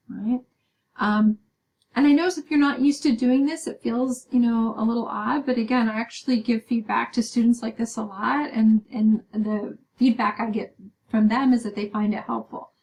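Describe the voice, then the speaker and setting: This lecture recording is low in quality; the woman's voice is on the high side with a darkish tone. She explains step by step, often saying "um" and checking in with "right?"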